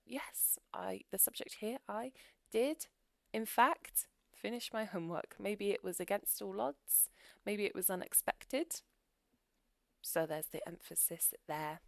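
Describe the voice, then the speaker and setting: A woman teaching English grammar in a recorded lesson, explaining clearly and steadily with example sentences. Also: mid-range voice, unhurried, no echo, clean studio sound.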